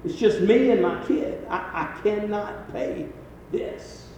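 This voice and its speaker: A man's voice: high voice, takes it slowly, darkish tone, recorded from a distance, dull audio, a little hiss or hum. A preacher voicing a desperate young mother. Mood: pleading. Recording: echoey hall with long reverb.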